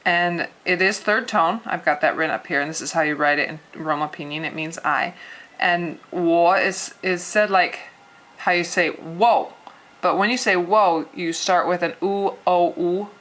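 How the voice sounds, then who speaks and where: Bright-voiced woman teaching at a whiteboard. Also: lowish voice, moderate pace. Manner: friendly, rambling with frequent restarts and little laughs. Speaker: language teacher. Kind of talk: casual video lesson at a whiteboard.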